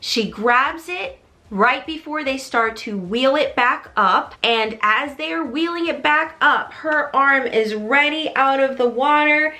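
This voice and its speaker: A woman chats through a movie plot in a casual vlog, keen and lively. Her voice is bright, ringing and sits a bit high. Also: takes it slowly. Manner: chatty, enthusiastic. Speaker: movie storyteller vlogger.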